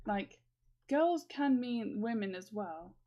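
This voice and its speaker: A woman's voice: mid-range voice, animated, slow pace, warm tone, highs cut off. A young woman in casual livestream chat, rambling with many fillers and laughing often as she works on her comics. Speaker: comic artist streaming.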